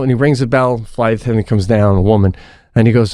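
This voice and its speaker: A man co-hosting a podcast, telling a casual story in an animated way, swearing and restarting his sentences. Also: medium pitch, a little fast, no echo, clean studio sound. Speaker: podcast co-host.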